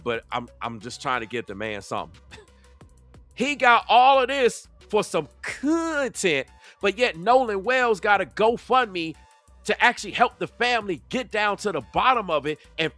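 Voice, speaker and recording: A man's voice: high-pitched, pushed and bright, dry recording. A man hosting a livestream commentary, preachy and emphatic, stretching words out in a sing-song way. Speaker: commentary channel host.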